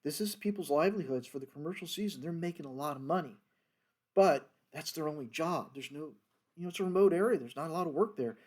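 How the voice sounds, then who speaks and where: A man's voice: on the high side, quick pace, a little mellow. A man, a former federal agent, telling a story from his working days in a loose, rambling way, with many fillers and restarts. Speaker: retired federal fisheries agent telling stories. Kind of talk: casual storytelling monologue.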